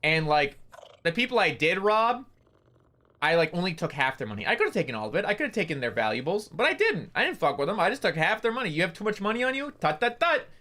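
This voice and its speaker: A man's voice: fairly high pitch, sing-song, quick pace, bright, forceful tone. A man casually recounting a game story on his stream, rambling and swearing with lots of fillers.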